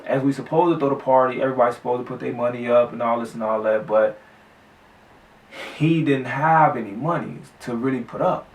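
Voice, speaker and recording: A gravelly male vlogger telling a story off the cuff, slangy and profane, often restarting his sentences. He sits some way back from the mic in an echoey room. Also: medium pitch, steady tone, a little fast, recorded from a distance. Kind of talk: casual storytelling.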